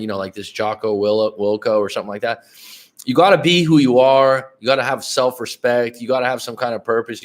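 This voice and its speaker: A middle-aged man coaching on dating in a casual livestream, blunt and profane, rambling with restarts and talking straight to viewers in the chat. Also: mid-range voice.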